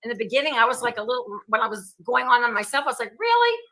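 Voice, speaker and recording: A woman's voice: fairly high pitch, steady tone, bright, forceful tone. A woman hosting a talk show, chatting in a casual, effusive way. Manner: effusive, quick to laugh. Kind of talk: casual interview chat.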